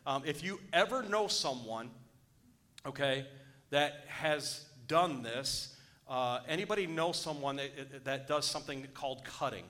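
Medium-pitched and a little slow, this preacher's voice comes across pushed and bright. During his sermon he reads from scripture and interrupts himself to urge on the congregation, rising to urgent exhortation.

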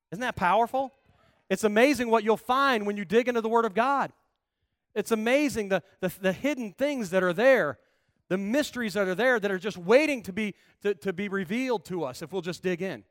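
High-voiced man preaching with rising fervor. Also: a little fast, dry recording, clean studio sound. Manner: emphatic preaching, building to loud passionate calls. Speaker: pastor. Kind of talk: sermon.

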